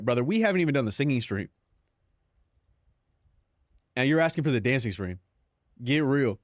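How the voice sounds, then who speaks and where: A man's voice: a little high, no room sound, studio quality. A young man streaming live, chatting casually, joking and swearing, often laughing at his own bits.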